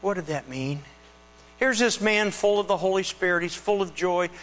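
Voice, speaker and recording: A male pastor giving a conversational, animated sermon, retelling a scripture scene. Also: high-pitched, normal speed. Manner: conversational, animated storytelling with restarts. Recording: reverberant hall with mains hum.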